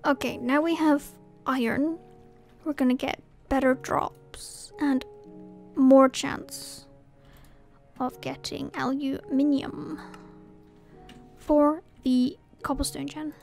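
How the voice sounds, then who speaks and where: A woman's voice: high-pitched, fairly even intonation, takes it slowly, gravelly, darkish tone, soft background music. A woman from Scotland commentating her gameplay casually, muttering to herself and often dropping to a whisper. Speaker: gaming channel host.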